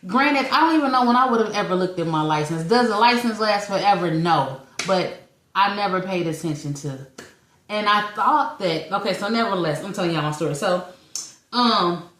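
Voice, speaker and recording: Lively woman in her forties telling a story. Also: medium pitch, moderate pace. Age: 40s. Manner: animated storyteller, acts out quotes, laughs often. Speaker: podcast co-host. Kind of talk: casual storytelling chat. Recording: echoey room.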